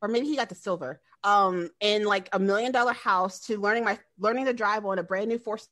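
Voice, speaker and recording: A woman on a podcast trades playful, confessional stories in casual conversation. Her voice sits at a middle pitch for a woman. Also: brisk, a bit bright. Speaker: podcast co-host.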